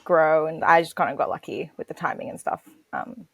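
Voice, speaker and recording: A young woman with an Australian accent, talking casually with many fillers and quick laughs. Her voice sits a little low. The sound is close and dry. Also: animated, gravelly, dry recording. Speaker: podcast guest. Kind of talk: casual chat.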